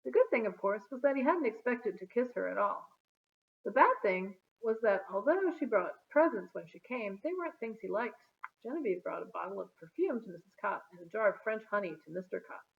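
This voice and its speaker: A woman reading a children's chapter book aloud in an expressive, storytelling manner. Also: mid-range voice, fairly quick, vocal fry. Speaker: storybook reader. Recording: phone-like narrow sound.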